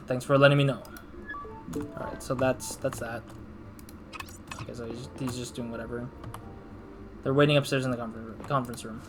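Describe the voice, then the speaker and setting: A man doing let's play commentary, rambling and thinking aloud in a self-deprecating way. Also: mid-range voice. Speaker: gamer.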